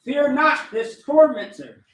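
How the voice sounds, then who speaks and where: A man reading scripture aloud in a measured, deliberate way. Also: very high-pitched, sing-song, a bit bright, reverberant, far from the mic, rough recording. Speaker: scripture reader.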